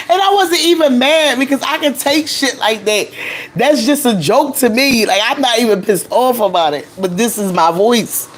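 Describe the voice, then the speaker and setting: A woman with a nasal, allergy-stuffed voice hosts a live stream of casual celebrity gossip, brash, profane, and laughing often. Her voice is high-pitched and her pace measured, with a little hiss or hum in the audio.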